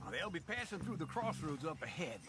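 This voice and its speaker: A boastful old outlaw drawl. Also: male voice, a little high, very animated, brisk, very noisy. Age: older. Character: grizzled older male outlaw, boastful and folksy. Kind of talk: video game voice acting. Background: western score music.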